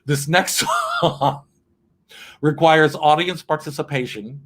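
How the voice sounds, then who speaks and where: Campy chatty man with a higher voice. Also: slow, fairly bright tone. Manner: campy, cheeky, chatty, laughs often. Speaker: cabaret singer and pianist hosting an online show. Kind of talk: chatty live-stream banter between songs.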